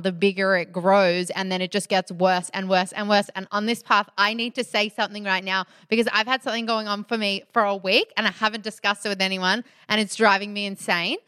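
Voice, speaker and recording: A woman's voice: medium pitch, a bit bright, smooth, no room sound, studio quality. A woman hosting a casual chat, candid and confessional, talking in long run-on sentences.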